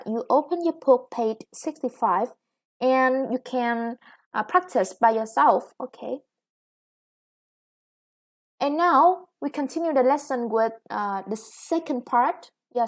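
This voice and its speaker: In a recorded lesson, a woman English teacher with a Vietnamese accent explains grammar slowly and patiently, often saying "yeah" and "okay." Her voice is a little high.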